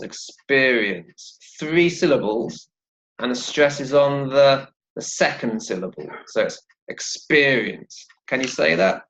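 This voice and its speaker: A man teaches English vocabulary and pronunciation, patiently repeating words so learners can copy them in slow, clear drills. His voice is a little high and fairly bright, with vocal fry, and the recording is rough.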